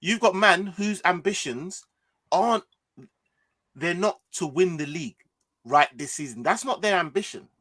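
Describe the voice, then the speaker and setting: A man's voice: sits high, moderate pace. A man hosting a football fan stream, talking animatedly and trailing off mid-thought. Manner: animated, swears, slangy, trails off. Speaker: host of fan show. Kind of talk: casual chat.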